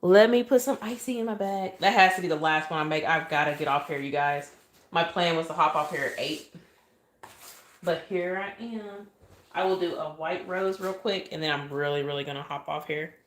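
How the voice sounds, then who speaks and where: While she decorates cakes, an Oklahoma woman talks with viewers on a phone livestream, sounding apologetic and grateful as she thanks them. Her voice is low and her pace moderate, with a little hiss or hum on the recording.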